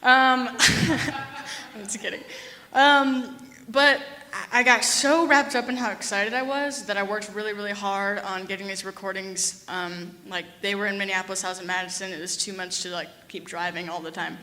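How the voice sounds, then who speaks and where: A young woman telling a true story on stage in a casual, animated way, full of fillers and acted-out quotes. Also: mid-range voice, normal speed, in a large hall. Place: live storytelling event stage.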